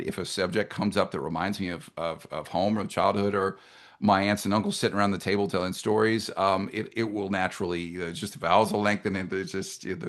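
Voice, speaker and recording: Low-voiced man from Georgia, reflective. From suburbs of Atlanta, Georgia, USA. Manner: reflective, explains at length with soft trailing phrases. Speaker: guest, language writer and editor. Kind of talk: conversational interview answers.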